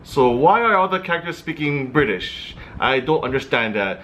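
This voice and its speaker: A man's voice: medium pitch, very animated, moderate pace, pushed and bright. A man giving a casual movie review, chatty and a little hesitant, with fillers and restarts.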